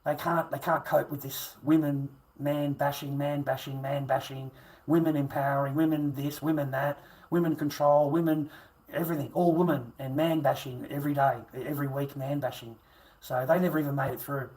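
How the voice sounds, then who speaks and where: A man's voice: fairly high pitch, fairly even intonation, moderate pace, a little mellow, rough recording. A middle-aged man ranting crudely on a livestream, swearing constantly and taunting viewers. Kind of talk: profane livestream rant.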